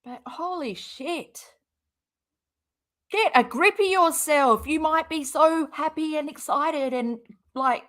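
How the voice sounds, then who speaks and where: A woman with a high voice and a slow, deliberate way of talking gives exasperated, sarcastic commentary. She swears often and has a cold. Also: fairly bright tone. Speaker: reaction streamer. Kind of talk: angry commentary over a clip.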